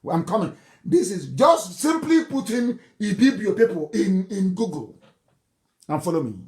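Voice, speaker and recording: A man with a Nigerian accent delivers a heated broadcast monologue. His voice swings widely in pitch as he mocks and scolds his critics. He hammers home each point by repeating it. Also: very animated, normal speed, darkish tone. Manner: combative and scornful, repeating insults and points for emphasis; breaks into mocking laughter between points. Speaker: political leader giving a broadcast. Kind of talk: fiery political broadcast monologue.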